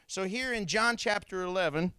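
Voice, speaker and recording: A pastor preaching a sermon to his congregation, animated, acting out the voices of people in the story. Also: sits high, normal speed, clean tone, dry recording, clean studio sound.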